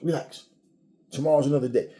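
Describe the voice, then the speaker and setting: A man's voice: on the high side, steady tone, brisk, dark tone. A man ranting to his audience in a casual, blunt, profane way, often restarting his sentences. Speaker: commentator. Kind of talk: casual rant to camera.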